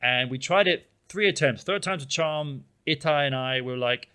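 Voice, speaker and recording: Here a man co-hosts a podcast in a small Spanish town, his mid-range voice smooth at normal speed. He chats casually, rambling through animated stories heavy with fillers.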